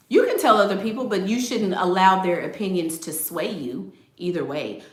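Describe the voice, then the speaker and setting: Sassy low-voiced woman in echoey room. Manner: sassy, direct, laughing asides. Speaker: relationship advice livestream host. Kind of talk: casual chat reading viewer comments.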